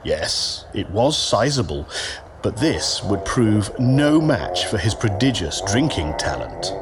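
A man narrating a story in a slow, expressive storytelling manner. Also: fairly low pitch, background noise.

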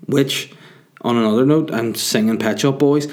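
Man, podcast host, sweary, self-mocking, rambling, just over a cold, medium pitch. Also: a little slow, a little mellow. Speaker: comedian hosting a podcast. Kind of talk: rambling casual monologue.

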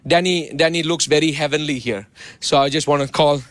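A man preaching a sermon with impassioned, animated delivery and playful asides to his congregation. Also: a little high, fairly quick, no room sound. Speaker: pastor.

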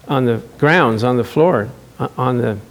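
A man's voice: mid-range voice, measured pace. A male pastor preaching a sermon in a church, telling stories and acting out quotes with laughs. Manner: animated storytelling, acts out quotes, laughs often.

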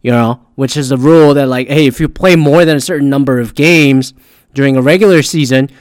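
A man's voice: mid-range voice, a little fast, clear, resonant tone, no echo. A man ranting crudely and sarcastically, swearing constantly as he comments like a podcast host. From Pacific Northwest.

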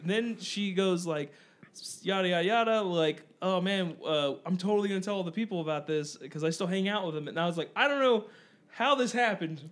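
A young man with a high, quick voice tells a story on a casual podcast. He is animated and drops into impressions of the people he's quoting. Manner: animated, acts out quoted voices while telling stories. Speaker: podcast co-host.

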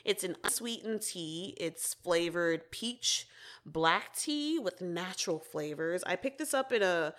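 A woman's voice: fairly low pitch, expressive, measured pace, a bit bright. Chatty young woman podcast host. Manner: candid, chatty, swears casually. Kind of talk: casual solo podcast talk.

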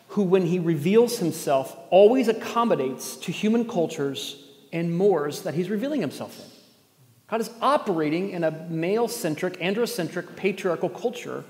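Earnest male pastor in an echoey hall. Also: fairly high pitch. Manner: earnest, with pointed rhetorical questions and dry sarcasm. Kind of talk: sermon. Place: church gathering space. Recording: echoey hall, long reverb.

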